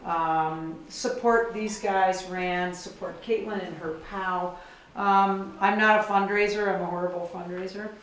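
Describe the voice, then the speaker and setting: A woman's voice: medium pitch, fairly even intonation, unhurried, slight background noise. Chatty middle-aged woman from Minnesota in an echoey hall. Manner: chatty, rambling, self-deprecating. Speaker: event supporter giving remarks. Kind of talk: informal benefit speech. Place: large echoey event room. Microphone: distant room mic. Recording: roomy echo, far from mic.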